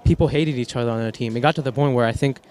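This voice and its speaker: Young male pro gamer, mid-pitched, chatty post-match interview, rambling, swears freely. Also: very fast, a little mellow. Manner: rambling, with frequent restarts and casual swearing. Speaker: professional esports player.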